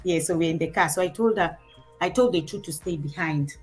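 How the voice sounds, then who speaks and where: A middle-aged Kenyan-accented woman with a lowish, breathy voice talks a little fast over faint music. She's a guest in a conversation telling a parenting story, animatedly acting out the quotes.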